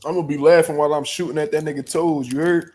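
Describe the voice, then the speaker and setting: A young man, hosting a casual boxing talk stream. His voice sits on the high side, and he jokes loudly and profanely with bursts of laughter. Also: fairly even intonation, fast talker. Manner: loud joking banter, bursts of laughter, profane slang. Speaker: boxing show host. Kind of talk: casual chat reacting to live chat.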